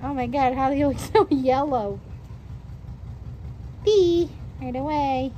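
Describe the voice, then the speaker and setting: A woman's voice: sits high, slow pace, mellow, highs cut off, a little hiss or hum. A young adult woman and mother, chatting casually and cooing in baby talk to her children while filming a family home video on a phone.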